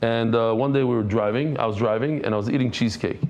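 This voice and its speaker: A middle-aged man teaching a Talmud class, telling stories in a casual, animated way and sprinkling in Yiddish and Hebrew terms. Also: medium pitch, fast talker, dull audio. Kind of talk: casual storytelling lesson.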